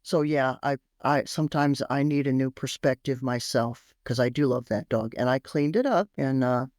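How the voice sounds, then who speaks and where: A woman's voice: very deep voice, moderate pace, no echo, studio quality. A woman in her sixties, a parenting expert guest telling stories in an interview, acting out the voices she quotes. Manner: animated storyteller who acts out quoted voices. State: tearful at moments. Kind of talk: storytelling interview chat.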